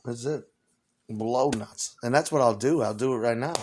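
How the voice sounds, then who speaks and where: Hoarse touring singer guy, swearing nonstop, animated storytelling, middle pitch. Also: normal speed, slight background noise. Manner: animated, swears constantly, acts out exchanges. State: hoarse from weeks of screaming. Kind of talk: rambling profane storytelling.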